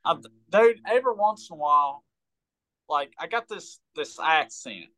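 A man's voice: a little high, expressive, moderate pace, bright, forceful tone, poor audio. A man who is a guest on a podcast, talking casually in easygoing down-home slang. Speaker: professional angler, guest. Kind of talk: casual interview chat.

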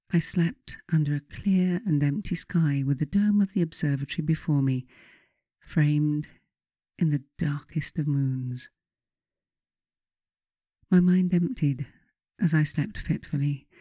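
A woman author reading her own memoir aloud in a measured, reflective way. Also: low-pitched, warm tone, dry recording, studio quality. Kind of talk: memoir audiobook narration.

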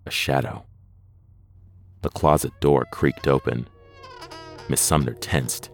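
A man narrating a horror story in a measured, deliberate scripted reading. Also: very deep voice, steady tone, gravelly.

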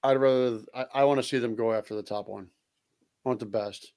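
A man's voice: medium pitch, fairly even intonation, brisk, darkish tone, dry recording, clean studio sound. A man co-hosting a casual sports podcast, blunt and emphatic, with some swearing. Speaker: podcast co-host.

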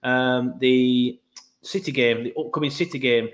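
A man's voice: medium pitch, fairly even intonation. A man hosting a football fan podcast, upbeat and talking straight to his listeners with the odd filler. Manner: upbeat, quick, thinks aloud with fillers. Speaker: podcast host.

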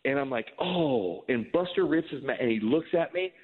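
A man in his forties, a former pitcher, telling a story in a casual, rambling way, full of "like" and restarts. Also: brisk. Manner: rambling, animated, heavy use of "like". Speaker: former baseball pitcher, guest. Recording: tinny phone-like line with long reverb.

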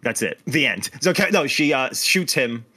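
A man co-hosting a podcast, chatting casually in a jokey, animated way and swearing freely. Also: mid-range voice, moderate pace, husky. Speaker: podcast co-host. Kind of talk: casual chat.

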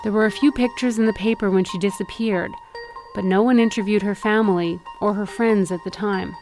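A woman, an investigative reporter, narrating a documentary podcast in a measured, serious tone. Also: medium pitch, steady tone, darkish tone, faint music behind.

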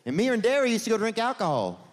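A man's voice: high-pitched, big pitch swings, quick pace. A man doing a stand-up comedy set on a theater stage, rambling through meandering digressions and leaning on "man" and "you know.". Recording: reverberant theater with faint audience ambience.

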